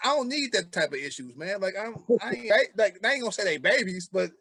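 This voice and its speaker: High-voiced man in his forties. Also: animated, fast talker, a bit bright, dry recording. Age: 40s. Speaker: podcast co-host. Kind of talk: casual chat.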